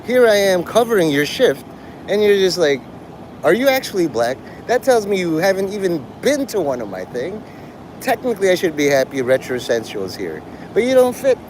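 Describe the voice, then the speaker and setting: A man's voice: high voice, very animated, moderate pace, noisy background. A man streaming live and talking with his chat in a provocative, profane, rambling way. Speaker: livestreamer. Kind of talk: casual livestream chat with viewers.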